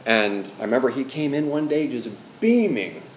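A middle-aged male pastor teaches a church class in an easy, conversational way, asking the group questions and telling personal stories. His voice sits at an ordinary middle pitch for a man. It echoes through a roomy hall, with a faint hum behind it. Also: big pitch swings, moderate pace.

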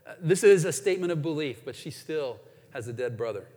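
A man with a high, light voice delivers a sermon, earnest and searching. He leans hard on key lines, then drops almost to a hush. His words hang in a long, ringing reverb, as in a big hall. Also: lively intonation, brisk. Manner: earnest, swings from emphatic to hushed. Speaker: preacher.

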